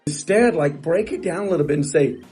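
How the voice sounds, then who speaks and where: A man's voice: fairly high pitch, lively intonation, a little fast, darkish tone, husky, soft background music. A middle-aged man coaching real estate agents in a motivational talk, emphatic and repetitive, often restarting phrases.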